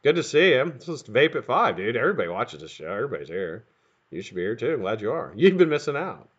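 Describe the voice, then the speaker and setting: Man, middle-aged, live-stream host, profane rambling banter, lively swooping pitch, dull lo-fi sound. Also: fast, slightly rough. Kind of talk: casual live-stream chat greeting viewers.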